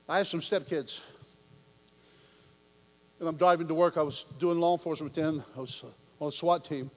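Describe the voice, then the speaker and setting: A high-pitched man delivers a lively, joking sermon, slipping into little acted-out voices. His voice rings with the long reverb of a large church hall. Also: normal speed, pauses often. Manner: animated and joking, acts out voices. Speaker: preacher.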